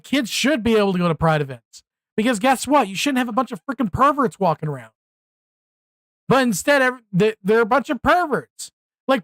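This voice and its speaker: A man's voice: high-pitched, fairly bright tone, dry recording. A man hosting a live reaction stream, talking bluntly and exclaiming, often repeating himself when worked up. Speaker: streamer host.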